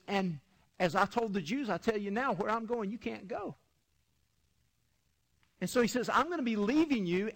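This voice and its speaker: A man preaching a sermon in a conversational way, retelling scripture in his own words. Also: on the high side. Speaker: pastor.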